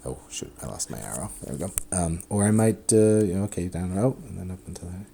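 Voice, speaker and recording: A lower-pitched man with a mellow, warm tone talks through a math lecture in a chatty, animated way. He often stops and restarts mid-sentence. A faint hiss sits under the recording. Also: fast, vocal fry. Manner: chatty, self-interrupting, animated explanations.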